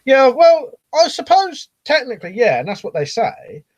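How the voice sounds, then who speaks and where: A man's voice: extremely high pitch, sing-song, normal speed, no echo. Casual swearing man, dry mic. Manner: rambling, swears casually, frequent ums and restarts. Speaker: live streamer. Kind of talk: casual live-stream chat, reading viewer comments aloud.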